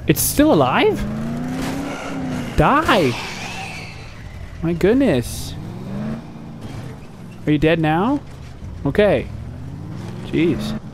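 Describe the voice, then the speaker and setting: Brief: young male let's-player, lively pitch, slow drawl, jumpy yelps, noisy game audio under him. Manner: jumpy, talks back at the game, yelps and shouts. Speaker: gameplay commentator. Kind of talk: let's play commentary.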